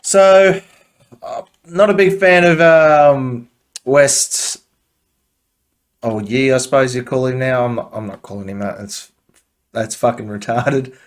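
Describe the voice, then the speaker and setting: A man's voice: medium pitch, slow pace, long pauses. A man with an Australian accent hosting a casual podcast, giving blunt, swear-laden opinions with plenty of fillers. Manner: blunt, profane, offhand commentary with frequent fillers. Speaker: podcast host.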